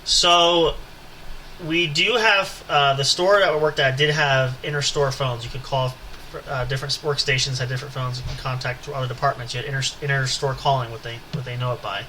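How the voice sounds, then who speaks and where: This podcast host has a brisk, sharp-toned voice at medium pitch, holding a steady tone as he spins a long, meandering story with plenty of fillers and asides. The audio is poor, with a bit of hiss or hum.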